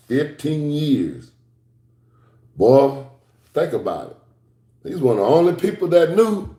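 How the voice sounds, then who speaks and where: The voice belongs to a middle-aged man leading a scripture class as a sermon. Slow, low passages of reading alternate with high, excited outbursts, broken up by casual asides to the class, all in an echoey space.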